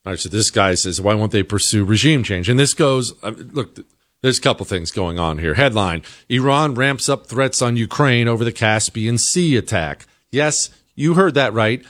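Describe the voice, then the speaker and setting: An American man hosting a talk show, delivering an emphatic opinion monologue that climbs into high-pitched exasperation. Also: expressive, moderate pace, fairly bright tone. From United States. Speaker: political talk show host.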